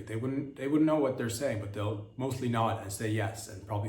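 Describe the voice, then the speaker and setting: A man's voice: fairly low pitch, fairly quick, few pauses, darkish tone, roomy sound, far from the mic. A man hosting a comedy podcast, riffing in a rambling, crude monologue with mock-innocent asides.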